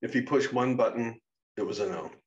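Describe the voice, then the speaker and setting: A man reading his own memoir aloud in a measured, serious way. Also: mid-range voice, recorded from a distance, lo-fi sound. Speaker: narrator and author. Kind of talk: memoir narration.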